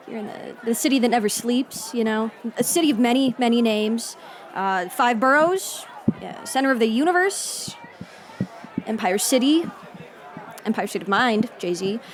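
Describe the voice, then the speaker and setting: A woman doing a standup set on a club stage, deadpan and deliberately awkward, faltering through her lines. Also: fairly high pitch, slight background noise. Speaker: standup comedian.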